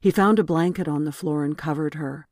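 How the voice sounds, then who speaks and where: Brief: audiobook narrator, mid-pitch, very dry close sound, even storytelling. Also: a little fast, no room sound. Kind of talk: scripted narration.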